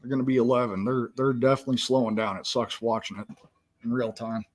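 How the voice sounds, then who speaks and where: A man's voice: mid-range voice, fairly even intonation, quick pace. A middle-aged man hosting a casual livestream from his home kitchen, chatty and swearing, often talking to his chat. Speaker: livestream host.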